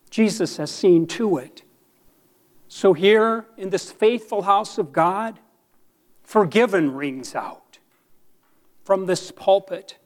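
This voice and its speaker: Slow, earnest preaching man. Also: sits high. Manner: earnest, with slow dramatic pauses. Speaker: pastor. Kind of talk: sermon. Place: church.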